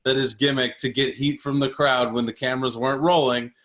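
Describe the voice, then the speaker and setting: 30s guy on a podcast, animated, laughs a lot, lots of "you know", average pitch. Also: brisk. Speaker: podcast co-host. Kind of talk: casual chat.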